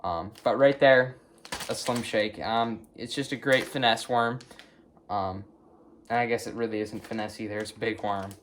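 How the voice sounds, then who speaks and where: Against slight background noise, a young man with a Wisconsin accent talks at a moderate pace in a fairly low, steady voice. As a fishing vlogger, he casually walks through his gear show-and-tell style, with plenty of ums and okays.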